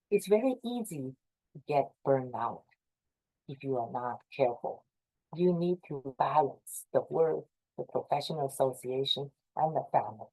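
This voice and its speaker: A woman's voice: rumbling low, mellow, slightly rough, rough recording. Earnest woman with a Chinese accent. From China. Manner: earnest, repetitive, encouraging. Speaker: presenter advising association leaders. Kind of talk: informal talk to a professional group.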